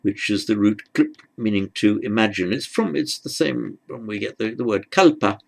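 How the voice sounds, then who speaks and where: A man teaching script letters, talking haltingly as he writes and repeating words as he goes. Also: fairly low pitch, creaky. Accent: British. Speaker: language teacher. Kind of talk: handwriting lesson.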